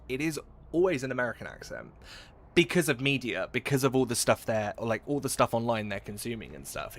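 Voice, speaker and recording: A man's voice: medium pitch, fairly bright tone, slight background noise. A young British man from England, live-streaming a game and chatting jokily with his viewers. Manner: chatty, jokey, reads and answers chat. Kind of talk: casual live-stream chat while gaming.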